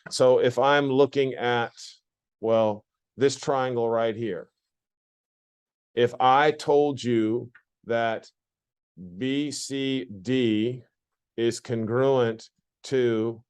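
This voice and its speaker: A man's voice: mid-range voice, darkish tone, clean tone. Guy teaching geometry in a classroom, plainspoken, keeps asking the class questions. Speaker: math teacher. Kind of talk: classroom lecture.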